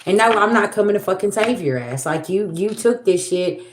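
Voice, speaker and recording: A woman's voice: mid-range voice, animated, brisk, echoey room, a little hiss or hum. A woman giving a livestream spiritual reading, talking bluntly and profanely, repeating herself as she scolds. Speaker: tarot reader.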